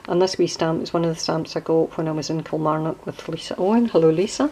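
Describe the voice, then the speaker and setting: Low-voiced chatty Scottish woman. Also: fairly even intonation, quick pace, warm tone, slight background noise, poor audio. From Scotland. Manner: chatty and digressive, explaining local sayings. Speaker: crafter showing a handmade journal. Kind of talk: casual show-and-tell video.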